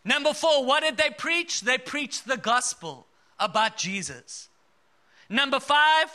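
A man's voice: very high-pitched, sharp tone. A man from South Africa preaching a sermon, emphatic and storytelling, with bursts of laughter.

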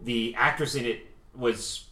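Man in his forties, casual enthusiastic film chat, mid-pitched, roomy echo. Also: fairly even intonation, unhurried, pushed and bright. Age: 40s. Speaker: podcast host, cinema programmer.

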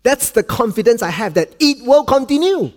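A middle-aged Malaysian man with a Malaysian English accent preaches a sermon and tells a family story. He goes soft and low for quoted lines and cracks dad jokes, speaking at a normal pace with big pitch swings.

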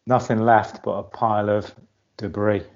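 A man with a fairly low voice co-hosts a podcast, delivering dry, wry quips. The sound is a bit dull and lo-fi. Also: little pitch movement, normal speed, a little mellow. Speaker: podcast co-host. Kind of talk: casual chat.

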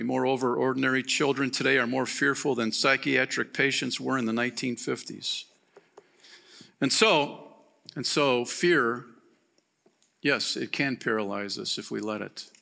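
Pastor preaching a sermon: a man with a bright, forceful voice, slow and emphatic, asking the room questions. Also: mid-range voice, vocal fry.

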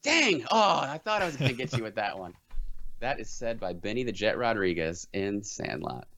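Playful male quiz host, animated pitch, reads lines in silly voices. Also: moderate pace. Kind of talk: casual podcast game.

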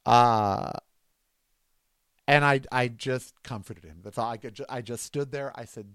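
A man's voice: mid-range voice, measured pace, clear, resonant tone, dry recording. A man telling a personal story in a casual monologue, acting out the lines of the people in it. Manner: animated anecdotal, acts out dialogue.

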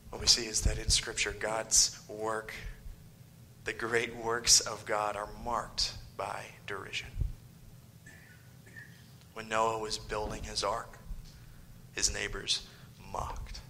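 Bright-voiced male pastor preaching. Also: fairly low pitch, completely flat delivery, slow pace, slight background noise, poor audio. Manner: dramatic swings from loud to whispered asides; mocking rhetorical questions in the voice of opponents. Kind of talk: sermon.

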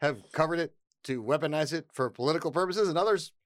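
A man co-hosting a casual political chat, incredulous and animated, picking apart a clip. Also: a little high, fast talker, no echo, clean studio sound. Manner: incredulous, animated, laughs easily. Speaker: podcast co-host.

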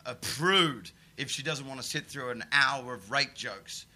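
A man and comedian talking casually, animated, with stammering restarts. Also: mid-range voice, moderate pace. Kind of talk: casual conversation.

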